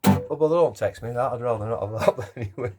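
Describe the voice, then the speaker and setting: A man's voice: medium pitch, fast. A man in his fifties, a singer and busker chatting casually between songs at a home lockdown gig, rambling and self-deprecating with cheeky swearing. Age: 50s. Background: guitar.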